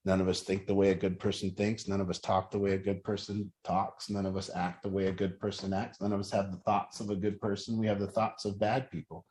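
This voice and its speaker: A man's voice: low-pitched, little pitch movement, a little fast, few pauses, darkish tone. A middle-aged man leading a group, talking earnestly and working through his thoughts with repeated rhetorical questions. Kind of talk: reflective group talk.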